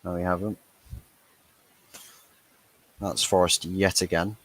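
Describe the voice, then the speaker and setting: A man's voice: low-pitched, level tone, slow pace, a bit bright. A young man hosting a fan watchalong, chatting casually through the match and laughing at his own jokes. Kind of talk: live match reaction commentary.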